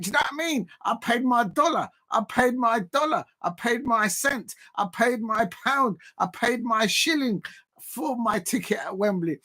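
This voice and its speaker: A man from South London hosts a livestream, watching football along with viewers and ranting in a high-pitched voice. Excitable and rambling, he leans on fillers and says the same phrases again and again.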